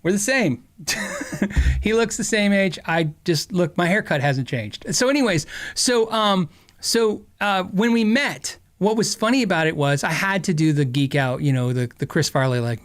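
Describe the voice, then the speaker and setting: Middle aged podcast host guy, chatty and rambly, laughs a lot, slightly high voice. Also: normal speed. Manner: rambling, laughs often, animated quoting. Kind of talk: casual storytelling chat.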